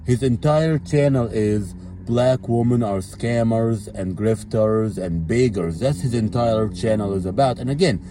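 A man's voice: on the low side, unhurried, few pauses, noisy background. A man delivering a blunt, profane ranting monologue as a commentary vlogger, leaning on repeated fillers.

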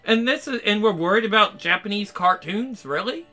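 A man's voice: sits high, lively intonation, normal speed, bright, forceful tone, soft background music. A man ranting in an angry, profane, rambling monologue.

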